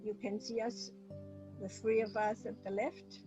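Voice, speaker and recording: A woman speaking English as a second language, giving a talk on a video call with hesitant pauses and restarts. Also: mid-range voice, little pitch movement, over music, poor audio. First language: not English. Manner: hesitant, apologetic, with many restarts. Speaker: guest speaker. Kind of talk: online talk.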